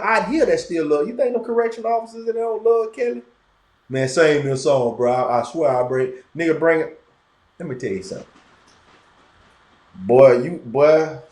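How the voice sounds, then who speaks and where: Florida-twanged man, higher voice, lively and emphatic, roomy echo. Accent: Florida Southern. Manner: animated, emphatic, repetitive. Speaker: podcast guest. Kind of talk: casual conversation.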